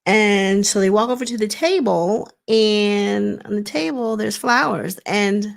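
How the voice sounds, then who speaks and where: A woman's voice: mid-range voice, unhurried, creaky. A woman hosting a casual recap of a reality TV episode. She talks in a chatty, digressive, slangy way as she retells scenes.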